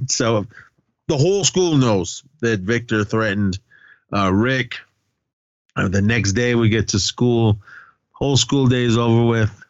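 A man's voice: mid-range voice, slow, pauses often, dry recording, highs cut off. A man co-hosting a podcast, casually retelling a film's scenes with lots of quoted lines and fillers. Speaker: podcast co-host. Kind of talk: casual movie recap.

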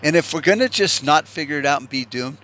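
A man's voice: a little high, expressive, quick pace, bright, forceful tone, slight background noise. A man from the United States delivering a heated, rambling, profane rant and restarting his sentences often. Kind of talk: ranting monologue.

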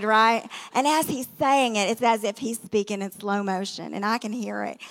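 A middle-aged woman tells stories from the pulpit in a chatty, conversational way, leaning on asides and rhetorical questions. Her voice sits a little on the high side. The long reverb of a large hall trails after her words. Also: steady tone, moderate pace. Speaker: guest speaker. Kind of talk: storytelling sermon.

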